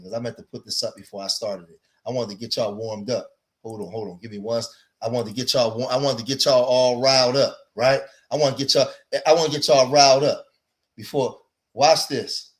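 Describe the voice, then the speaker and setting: Dude doing a reaction stream, gets loud and fired up, talks to y'all. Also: male voice, mid-range voice, a little fast. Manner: animated, rising to loud emphatic outbursts, addresses viewers as y'all. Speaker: commentary host. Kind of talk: casual reaction commentary.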